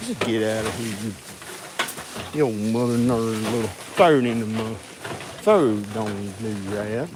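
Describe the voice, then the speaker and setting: A man rambling and joking casually to viewers as he clears out old junk. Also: on the low side, a little slow, very noisy. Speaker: video creator.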